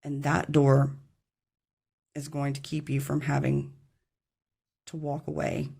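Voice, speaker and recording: A woman's voice: low-pitched, completely flat delivery, slow, vocal fry, warm tone, slightly rough. A woman giving a casual tarot reading to her camera, chatty and rambling, apologizing when she gets tongue-tied. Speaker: tarot reader. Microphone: camera mic.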